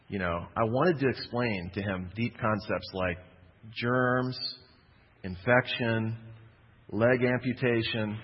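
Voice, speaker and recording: A man's voice: lowish voice, husky, in a large hall, lo-fi sound. A man preaching a sermon, telling a personal story in a conversational way with jokey asides.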